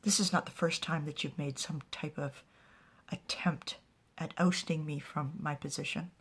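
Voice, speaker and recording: A woman voicing a stern, weary male clan chief in a soft, breathy near-whisper, cold and measured. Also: deep voice, steady tone. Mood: cold warning.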